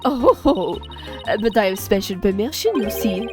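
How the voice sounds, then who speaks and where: A woman's voice: medium pitch, animated, unhurried, lightly acted. A woman voicing a haughty, eccentric female aquarium patron in a mock French accent, over game music. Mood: flustered. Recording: music playing behind.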